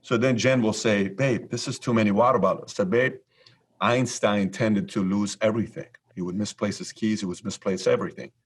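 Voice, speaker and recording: A man in his forties from Iran, a podcast guest telling stories in an animated, repetitive way. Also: fairly low pitch, brisk, breathy edge. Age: 40s. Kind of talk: storytelling interview talk.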